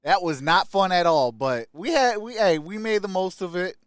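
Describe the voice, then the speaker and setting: A young adult man from Michigan hosting a casual sports live stream, greeting chat viewers by name with upbeat shout-outs. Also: high voice, moderate pace, smooth, no echo, studio quality.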